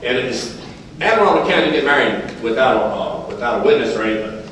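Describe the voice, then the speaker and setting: A man's voice: medium pitch, lively intonation, fast talker, a bit bright, a little hiss or hum. An older man telling folksy stories at a recovery meeting, repeating phrases and chuckling as he goes. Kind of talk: storytelling speaker's talk at a meeting. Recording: very echoey hall, heard from far off.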